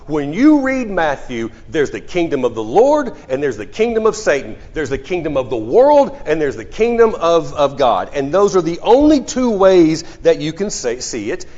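A man's voice: a little high, big pitch swings, normal speed, hardly any pauses, a little mellow. A man preaching a sermon in a conversational storytelling way, often restarting his sentences. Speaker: pastor. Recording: muffled sound in a reverberant hall.

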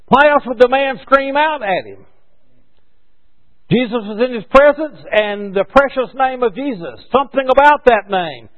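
A man's voice: very high voice, very animated, normal speed. A man preaching a sermon in a conversational way, asking rhetorical questions and correcting himself as he goes. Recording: dull lo-fi recording.

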